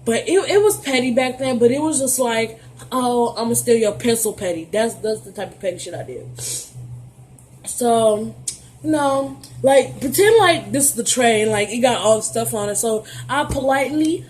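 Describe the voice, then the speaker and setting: A young adult woman telling a storytime vlog in an animated, profane, sassy way, talking straight to her viewers. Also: a little high, normal speed, slight background noise. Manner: playful, addresses viewers directly. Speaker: vlogger.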